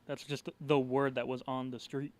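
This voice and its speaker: A man's voice: medium pitch, level tone, dry recording. A man co-hosting a casual movie podcast, teasing and arguing his points. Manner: quick, teasing, argumentative. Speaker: podcast co-host. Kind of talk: casual chat.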